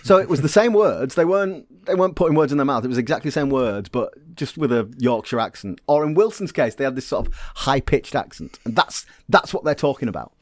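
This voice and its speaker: A man's voice: medium pitch, lively intonation, a little fast, few pauses, no echo, clean studio sound. A man co-hosting a chat podcast, explaining from his research in a wry, casual way. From Britain. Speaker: podcast co-host.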